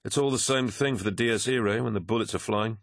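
A man's voice: fairly low pitch, fast talker, vocal fry, dry recording, clean studio sound, voice pushed up. A man voicing a worried, pragmatic male officer who pleads urgently in a raised voice in an audiobook. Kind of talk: audiobook character voice.

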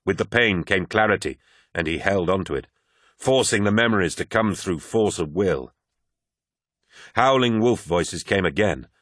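A man reading a dark fantasy audiobook in a measured, dramatic narration. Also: on the low side, dry recording, clean studio sound.

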